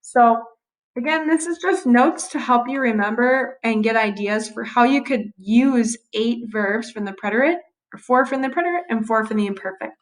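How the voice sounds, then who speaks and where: A woman's voice: on the high side, normal speed, poor audio. A young woman teacher talking through a screen-recorded grammar tutorial in a casual way, correcting herself as she types. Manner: casual, self-correcting while typing.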